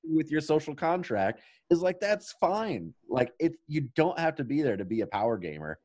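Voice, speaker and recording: A man's voice: a little high, big pitch swings, moderate pace, darkish tone, no room sound. A man co-hosting a tabletop gaming podcast in casual chat, laid-back and blunt with casual swearing. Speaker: podcast co-host and tabletop player.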